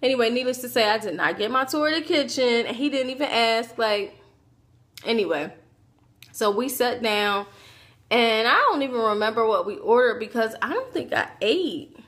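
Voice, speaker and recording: A woman with a slightly high voice recounts a story straight to her camera. She talks casually and animatedly, slipping into the voices of the people she describes. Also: moderate pace. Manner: animated, acts out quoted voices, chatty asides. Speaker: vlogger.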